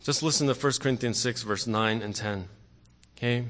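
A man preaching a sermon earnestly, often pausing on "okay" and growing forceful on key words. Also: mid-range voice. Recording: long hall reverb.

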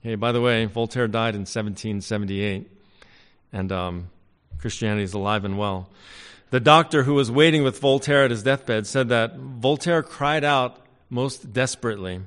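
A man delivering a sermon in a large church, his voice carrying a long reverb through the hall. He preaches with emphasis, rising to loud declarations and dropping to quiet asides, at an everyday male pitch. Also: normal speed, clear, resonant tone. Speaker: pastor.

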